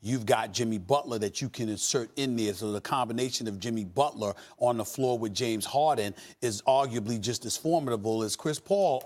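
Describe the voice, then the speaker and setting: A man arguing his point on a sports debate show, emphatic and repetitive as he builds his case. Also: mid-range voice. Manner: emphatic, repeats himself while building an argument.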